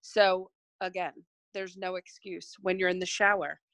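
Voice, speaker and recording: A woman's voice: on the low side, little pitch movement, measured pace, fairly bright tone, no echo. A woman speaking earnestly on a video call to her team, admitting her own excuses and growing tearful. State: near tears. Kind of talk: emotional group call testimony.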